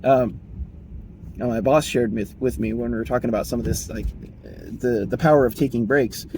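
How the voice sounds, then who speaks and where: A man's voice: mid-range voice, fairly even intonation, normal speed, darkish tone, slight background noise, poor audio. A man talking casually on his own show, rambling and correcting himself as he goes. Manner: rambling, self-correcting, chuckling, mock dialogues in raised voice. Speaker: podcast host. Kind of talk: casual solo talk.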